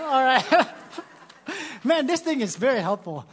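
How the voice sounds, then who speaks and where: Animated high-voiced Filipino preacher man. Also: takes it slowly, slight background noise. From Philippines. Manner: animated, laughing, self-deprecating. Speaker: church speaker. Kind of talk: sermon opening with jokes. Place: church, before a congregation.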